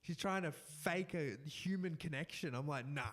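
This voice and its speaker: A young man tells a story with plenty of laughter and repeated restarts. His voice sits a little high, and he keeps the tone of a casual chat between friends. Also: moderate pace. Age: young adult. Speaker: podcast co-host.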